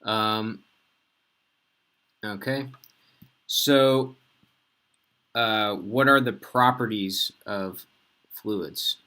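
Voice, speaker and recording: Casting: male teacher, lowish voice, unhurried, chatty delivery with lots of ums. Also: clean tone. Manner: casual, filler-heavy, relaxed explaining. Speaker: physics teacher. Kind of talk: recorded lesson.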